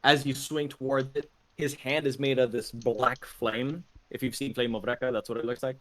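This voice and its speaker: A man's voice: medium pitch, normal speed, dry recording, poor audio. Man narrating as game master. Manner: descriptive, relaxed with fillers.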